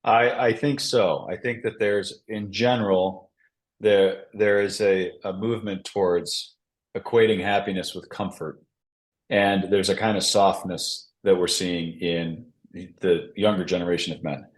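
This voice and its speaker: A priest from Minnesota speaking frankly and earnestly as a guest on a podcast. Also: male voice, low-pitched, steady tone, a little slow. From Minnesota, United States. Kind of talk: casual podcast interview.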